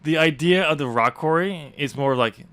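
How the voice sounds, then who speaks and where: A man's voice: a little high, normal speed, fairly bright tone, clear, resonant tone, dry recording. Teasing man, dry sarcastic podcast host. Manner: teasing, sarcastic, hesitant with many ums. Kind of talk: casual banter.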